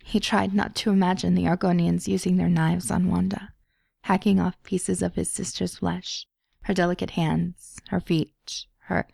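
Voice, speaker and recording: Woman, audiobook narration, measured storytelling, gravelly, dark tone, dry close sound. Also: fairly low pitch, little pitch movement, dry recording. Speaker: podfic reader.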